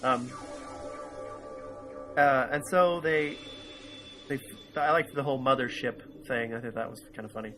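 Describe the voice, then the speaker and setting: A man's voice: mid-range voice, steady tone, measured pace, pauses often, fairly bright tone, faint music behind. A man co-hosting a casual review podcast, enthusiastically retelling scenes and quoting lines, often laughing. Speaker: podcast co-host.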